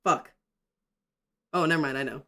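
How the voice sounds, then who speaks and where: A young man chatting excitedly on a livestream while drawing, ranting and greeting his chat. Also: a little high, moderate pace.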